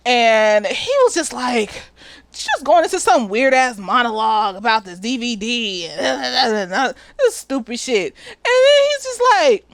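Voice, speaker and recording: A woman talking casually and profanely as she recaps a TV episode, slightly tipsy, often laughing and jumping into high squeaky voices for the characters. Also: sing-song, measured pace, no echo. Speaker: therapist reviewing a TV episode.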